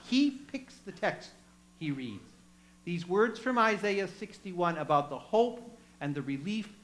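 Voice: mid-range voice, a bit bright, poor audio. A preacher giving a sermon, retelling a story with chatty asides to the congregation and acting out the voices in it. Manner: acts out quoted voices.

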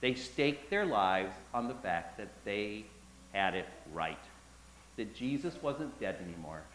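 A man preaching a sermon, dramatic and animated, with emphatic pauses and repetition, addressing the congregation as folks. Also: lowish voice. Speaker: pastor. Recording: echoey room.

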